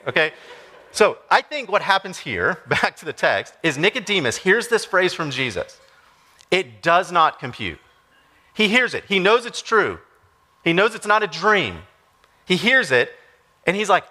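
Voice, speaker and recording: A young adult male pastor giving a sermon in a conversational, animated way, full of casual asides. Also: high-pitched, moderate pace.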